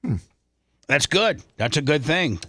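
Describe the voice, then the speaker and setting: Male radio host, casual on-air chat, bright, dry close mic, stammering restarts. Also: a little high, big pitch swings, unhurried, dry recording.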